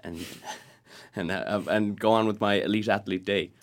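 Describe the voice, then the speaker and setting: A man's voice: lowish voice, steady tone, measured pace. A man co-hosting a casual science podcast, teasing his co-host and laughing often.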